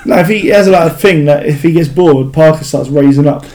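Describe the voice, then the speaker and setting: A man's voice: fairly high pitch, fairly quick, warm tone, slight background noise. A British man co-hosting a podcast, rambling and joking in casual chat, swearing freely. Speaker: podcast co-host.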